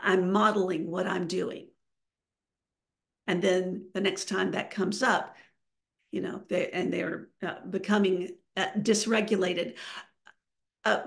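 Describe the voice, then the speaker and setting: A woman's voice: medium pitch, vocal fry. A woman giving a webinar presentation over a video call, talking with many fillers and restarts.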